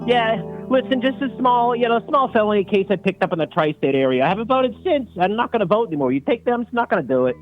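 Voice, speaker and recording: A man calling into a comedy show as a brash, boastful small-time crook, quick and wisecracking. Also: sits high, very animated. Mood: cocky. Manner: fast, wisecracking, laughing. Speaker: caller. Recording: dull lo-fi line with faint music.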